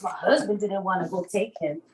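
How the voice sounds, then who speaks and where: A woman co-hosting a casual radio chat, telling stories in an animated way, swearing often and laughing a lot. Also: mid-range voice, a little fast, a crowd in the background. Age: adult, has a son. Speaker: radio show co-host.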